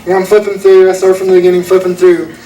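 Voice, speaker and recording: High-voiced preacher, echoey church. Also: male voice, completely flat delivery, fast, warm tone, a little hiss or hum. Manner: storytelling, earnest, folksy fillers. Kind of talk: sermon. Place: church auditorium. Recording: echoey room from a distance.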